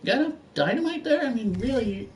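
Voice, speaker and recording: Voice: mid-range voice, expressive, brisk, slight background noise. A streamer giving wry, sarcastic commentary over gameplay. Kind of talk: let's-play commentary. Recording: distant mic with game music loud.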